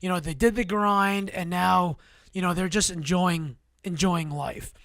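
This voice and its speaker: A man co-hosting a talk show who tells rambling, animated stories with many restarts. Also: high voice, unhurried, dry recording, studio quality. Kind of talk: casual storytelling chat.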